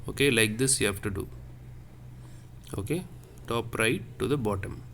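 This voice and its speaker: A man's voice: on the low side, moderate pace, fairly bright tone, slight background noise. A man teaching a lesson on French accents, explaining patiently and repeating each point step by step.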